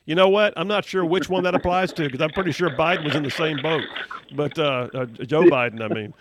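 A man hosting a call-in radio talk show, bantering quickly and upbeat with callers. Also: a little high, noisy background. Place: radio studio. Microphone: studio mic, close.

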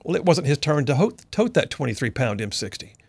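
A man's voice: fairly high pitch, very animated, a little fast, creaky, darkish tone, slightly rough, dry recording. A middle-aged man hosting a talk radio show, telling an army story in an earnest, folksy way that turns preacher-like. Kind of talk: storytelling commentary.

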